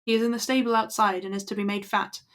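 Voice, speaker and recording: A woman reading aloud and voicing a wicked, child-eating old witch who talks slowly and scolds. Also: medium pitch, level tone, fairly bright tone, lightly acted. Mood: scolding.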